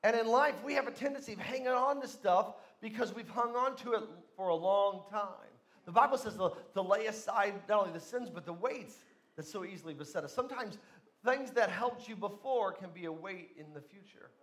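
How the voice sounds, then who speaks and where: A man preaching a sermon as pastor in a church, telling stories and acting out voices, building to loud emphasis. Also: sits high, brisk. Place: church sanctuary.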